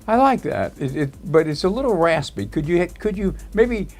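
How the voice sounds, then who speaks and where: A man hosting a live tech talk show, his voice sitting a little high for a man. He talks haltingly, full of fillers and restarts. Faint music plays behind him. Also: lively intonation, darkish tone. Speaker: host.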